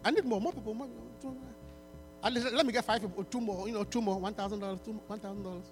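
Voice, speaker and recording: A man's voice: high voice, fast, faint music behind. A man preaching in a church service, pleading and repetitive, often restarting his words as he urges people forward to give. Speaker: pastor launching a book.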